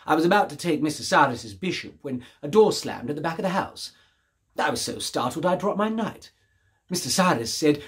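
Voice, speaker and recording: Husky male narrator, genteel and wry, precise theatrical monologue delivery. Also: a little high, animated, a little fast, a bit bright.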